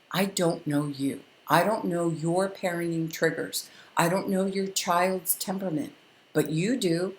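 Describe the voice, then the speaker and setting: A calm older woman teaches parents in a firm, instructive way, spacing her points with deliberate pauses. Her voice sits a little low, and the room around her sounds echoey. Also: a little hiss or hum. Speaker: parenting educator. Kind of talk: direct-to-camera parenting lesson.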